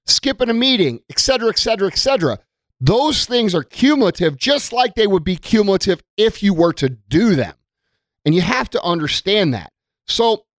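A man's voice: high voice, a bit bright, no room sound, studio quality. A middle-aged man hosting a podcast, giving a blunt, profane, emphatic motivational monologue. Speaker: podcast host.

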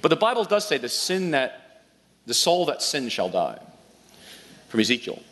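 A man preaching a sermon as pastor, telling a story in an animated way with frequent restarts. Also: mid-range voice, normal speed, a little hiss or hum. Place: large church hall. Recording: long hall reverb.

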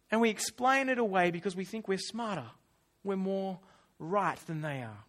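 Male preacher, fairly high voice, animated delivery with acted-out voices. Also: fairly quick, few pauses. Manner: animated, acts out whiny voices, drops to quiet asides. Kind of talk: sermon.

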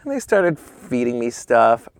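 A man telling stories as a guest in a casual interview, animated and swearing freely, acting out what others said. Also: medium pitch, a little slow, dry recording.

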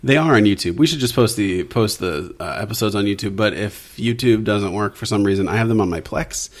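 A man's voice: fairly low pitch, brisk. A man hosting a podcast, talking casually and rambling with plenty of fillers. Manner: relaxed, rambling, chatty with fillers. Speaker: podcast host. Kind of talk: casual chat.

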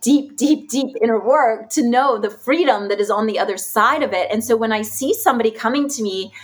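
A woman who is a guest on a podcast, talking about healing work in an animated, expressive and playful way and acting out quotes. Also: fairly high pitch, a little fast, breathy edge. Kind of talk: casual conversational interview.

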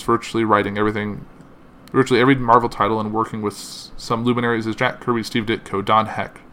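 A man reading a statement and a series of tributes aloud, halting often with fillers and stumbles, and saying it is hard to keep going. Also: on the low side, a bit bright, slight background noise. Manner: halting, with frequent uh fillers and self-corrections. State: emotional, finding it hard to continue.

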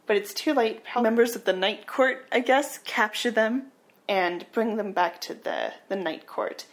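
A woman's voice: on the high side, unhurried. Casual podcast host woman, chatty film recap, laughs along. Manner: chatty, laughs while retelling scenes.

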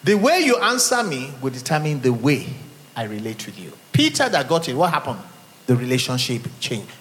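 Animated Nigerian pastor preaching in a reverberant hall. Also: male voice, a little high. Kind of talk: sermon. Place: church hall.

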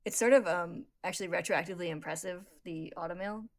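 A woman co-hosting a podcast, chatting in a relaxed way with small laughs. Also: fairly low pitch, fast, no echo, studio quality. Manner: relaxed, chuckling, lots of fillers. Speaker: podcast co-host. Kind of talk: casual chat.

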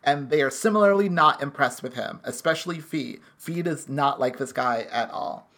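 A podcast co-host in loose, casual conversation, running through an episode's plot. The voice sits at a middling pitch and keeps a chatty, filler-heavy rhythm, with the odd swear word. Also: fairly bright tone. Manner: chatty, frequent "like" fillers, brisk summarizing. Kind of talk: casual TV episode recap chat.

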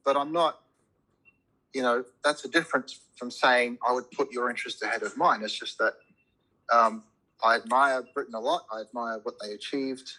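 In loose podcast conversation, a man who immigrated to a Commonwealth country argues strong opinions, restarting often and swearing freely as he gets worked up. He has a bright, forward, husky-edged mid-range voice at normal speed, captured on a low-quality recording.

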